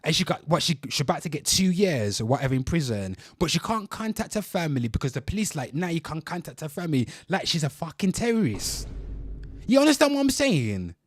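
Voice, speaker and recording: A man's voice: fairly high pitch, sing-song, fairly quick, no room sound. A young man hosting a reaction commentary show, ranting heatedly and swearing while talking straight to his viewers. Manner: heated, swearing, repeatedly addressing "people".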